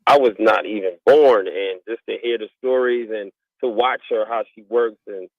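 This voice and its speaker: A man's voice: lowish voice, normal speed, no echo. A man, a guest DJ, talking in an easygoing, laid-back way during a radio interview. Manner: relaxed, easygoing, laughs often. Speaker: guest DJ and musician. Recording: phone line.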